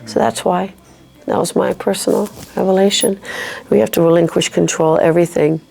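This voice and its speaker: A woman's voice: on the low side, fairly even intonation, brisk, vocal fry, a little mellow, husky. A woman guest on a podcast telling her personal faith story in an earnest, reflective way, often restarting her sentences. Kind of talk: personal faith testimony in casual talk.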